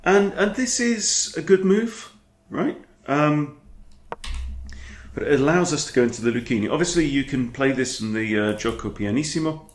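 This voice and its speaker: A man, a chess coach talking through his own game in a chatty, animated way. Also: on the high side, normal speed. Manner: chatty, animated, breaks off to scold his dog. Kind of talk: casual game commentary. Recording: echoey room.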